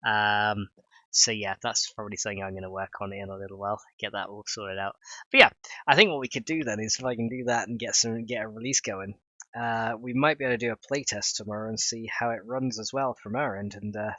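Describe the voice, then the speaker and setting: A man's voice: fairly low pitch, fairly even intonation, fairly quick, pushed and bright, no echo, highs cut off. A man with a stuffed-up nose, chatting casually and rambling aloud with chuckles while streaming his modding work. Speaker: livestreamer and game modder. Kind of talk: casual livestream chat.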